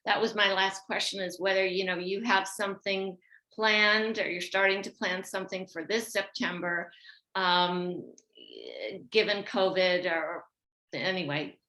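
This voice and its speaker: Bright-voiced woman interviewer, echoey room. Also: mid-range voice, steady tone, unhurried. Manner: friendly, prompting questions. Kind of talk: casual interview.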